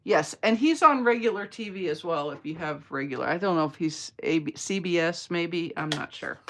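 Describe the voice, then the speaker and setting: A craft demonstrator from the Atlanta area in the US has a lowish, expressive voice and talks at a normal speed. She makes cards live while chatting and bantering playfully with her viewers.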